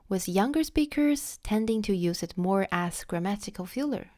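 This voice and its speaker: A woman teaching Chinese in a scripted lesson, repeating each example phrase slowly and carefully for learners. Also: mid-range voice, lively intonation, dark tone, no room sound, studio quality.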